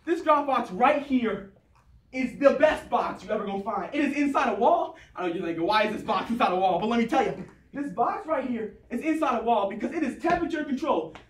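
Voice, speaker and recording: A woman's voice: fairly high pitch, expressive, fairly quick, distant mic. A woman giving a mock infomercial speech in hyped sales patter that talks straight to the audience, recorded from afar in an echoey room with faint noise.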